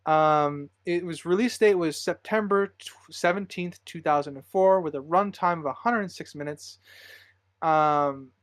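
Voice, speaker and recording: Higher-voiced man hosting a casual podcast. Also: a little slow, no echo, studio quality. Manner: rambling, laughs often, many fillers. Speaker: podcast host.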